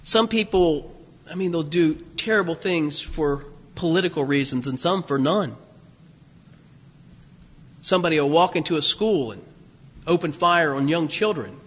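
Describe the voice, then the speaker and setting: A bright, high-pitched man in his fifties preaching in an animated, joking way. His voice carries a long hall reverb from the church sanctuary around him. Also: a little slow, pauses often. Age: 50s. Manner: animated, jokey preaching with self-deprecating laughs. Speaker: pastor. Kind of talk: sermon.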